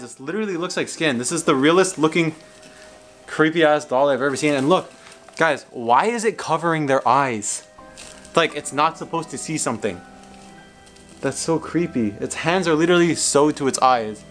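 A young man hosting his own vlog in a fairly high voice, talking straight to his viewers. He is excitable, jumps from mock disgust to loud yelps, and swears casually. Faint music plays under him. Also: moderate pace. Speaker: YouTube host.

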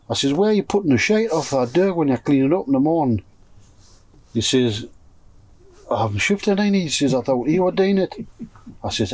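A man with a Geordie accent telling a rude, animated story to friends in a pigeon loft, swearing freely and acting out what everyone said. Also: mid-range voice, dry recording. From North East England. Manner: profane, animated, acts out dialogue. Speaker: pigeon fancier. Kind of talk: casual storytelling among friends. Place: pigeon loft shed, indoors.

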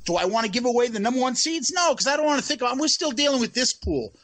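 A man's voice: very high-pitched, very animated, fast talker, fairly bright tone. A man co-hosting a casual podcast chat, swearing freely and laughing often. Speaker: podcast co-host.

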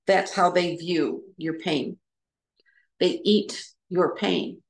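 A middle-aged woman giving an informal, reflective talk about personal experience, pausing and restarting as she searches for words. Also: fairly low pitch, gravelly, reverberant. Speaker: trauma recovery speaker.

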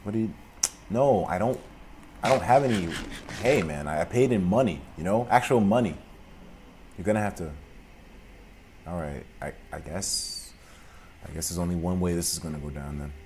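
A young man giving casual, profane let's play commentary, drifting between mumbled asides and loud outbursts. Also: sits low, normal speed, long pauses, slight background noise. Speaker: gaming commentator.

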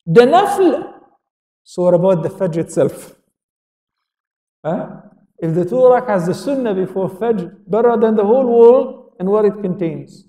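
Warm in tone, with a high voice and lively intonation, a man gives a religious lecture at a moderate pace. He puts questions to the audience and answers them himself, including quotations in Arabic, recorded from a distance in an echoey hall.

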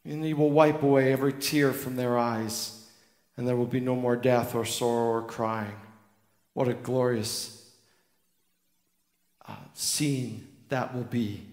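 Guy preaching in church, earnest, gets loud on the big points, says stuff twice, lots of room echo. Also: mid-range voice, steady tone, unhurried, pauses often. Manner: earnest preaching, rising to emphatic peaks and repeating key lines. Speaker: pastor. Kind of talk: sermon. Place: church sanctuary. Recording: echoey church hall with long reverb.

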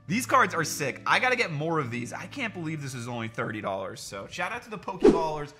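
A host of a card-opening channel, chatting casually like a fan while reading out card names, and bursting into loud excitement over rare pulls. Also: mid-range voice, fast talker, hardly any pauses. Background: background music.

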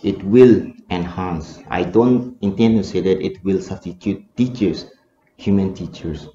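A man's voice: low voice, dark tone, a little hiss or hum. A man with a Manipuri English accent, a research scholar answering in a seminar discussion, talking hesitantly with many fillers and restarts. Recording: echoey room, dull lo-fi sound.

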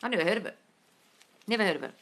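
A woman with a non-native English accent runs a casual phone-livestream Q&A on manifestation from a large open room, reading comments aloud, blunt and sweary, addressing viewers as darling. Her mid-range voice is a bit bright and very fast, with lively intonation, and a cold leaves her slightly congested with a runny nose.

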